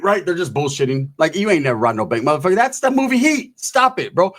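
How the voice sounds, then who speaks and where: A man telling a profane, comedic story in an animated, swaggering way, full of slang. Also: a little high, quick pace, few pauses.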